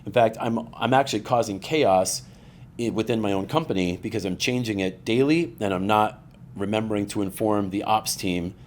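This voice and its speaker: A man guesting on a podcast chats casually, telling stories with animation and acting out the quoted voices. He speaks at a moderate pace in a fairly low pitch, with slight background noise.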